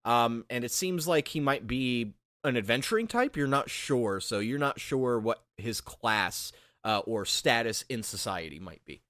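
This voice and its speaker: A man's voice: mid-range voice, animated, unhurried, few pauses, a bit bright, dry recording, clean studio sound. A man narrating a tabletop game as game master, describing scenes with frequent ums and restarts.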